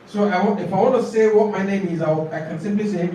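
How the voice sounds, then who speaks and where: A man teaching a speaking-test lesson, repeating and modelling answers slowly and emphatically. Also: high voice, a little mellow, slight background noise. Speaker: IELTS speaking coach. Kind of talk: classroom lesson to camera. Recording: very echoey classroom from far off.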